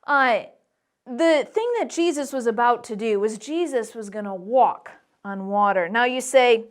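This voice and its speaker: High-voiced woman, children's church teacher, playful and animated. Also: measured pace. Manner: animated, playful storyteller, talking to kids. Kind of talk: Bible lesson for children.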